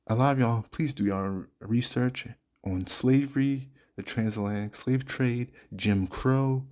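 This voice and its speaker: A man's voice: medium pitch, measured pace, darkish tone. A man hosting a podcast, giving blunt, candid advice straight to his listeners in a casual monologue. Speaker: podcast host.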